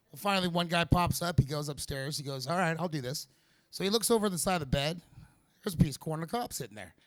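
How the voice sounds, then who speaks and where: A man's voice: a little high, fairly bright tone. A nervous man doing amateur stand-up, telling rambling jokes with lots of fillers and restarts. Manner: rambling, halting delivery with many fillers and restarts. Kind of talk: stand-up comedy set. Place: small comedy venue in a vape shop.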